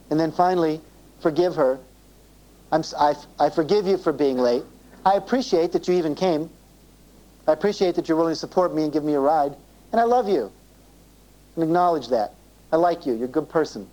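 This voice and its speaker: A man's voice: on the high side, warm tone, low-quality recording. A man giving a live self-esteem seminar to an audience, acting out little dialogues and asking the room questions, on an old cassette tape. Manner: acts out dialogue in quoted voices, asks the audience questions.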